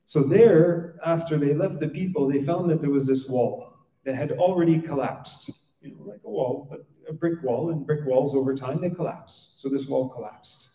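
A man's voice: fairly high pitch, normal speed, mellow, reverberant, recorded from a distance, low-quality recording. A man teaching in a conversational storytelling way, acting out the dialogue and often checking in with "right?". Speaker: religious teacher. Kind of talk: storytelling sermon.

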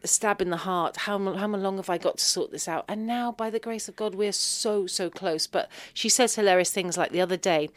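A woman, a podcast guest telling personal stories with lively, self-deprecating humor. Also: medium pitch, brisk, hardly any pauses. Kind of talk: conversational storytelling.

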